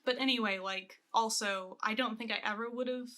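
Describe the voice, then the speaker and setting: A woman co-hosting a casual webcomic read-along, relaxed and rambling with lots of fillers. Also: fairly high pitch, normal speed. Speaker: co-host. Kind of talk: casual chat, reading a webcomic aloud.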